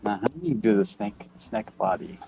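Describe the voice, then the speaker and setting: A man's voice: lowish voice, animated, normal speed, dark tone, soft background music. A man hosting a casual chat while drawing, playful and goofy, with mock-offended banter. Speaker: host.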